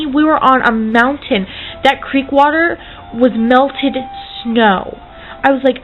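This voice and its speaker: A woman's voice: fairly high pitch, measured pace, slight background noise. A new mother venting in a casual vlog, rambling and worked up, with lots of fillers. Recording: tinny lo-fi audio with faint music.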